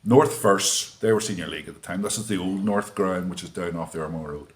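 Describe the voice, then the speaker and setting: Very deep-voiced man telling stories. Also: fairly quick. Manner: animated storyteller, laughs as he tells it. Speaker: interviewee, former teammate.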